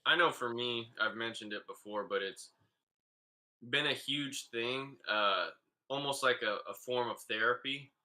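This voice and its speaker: A man co-hosting a casual podcast, talking in a loose, relaxed way with many filler pauses. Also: medium pitch. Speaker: podcast co-host.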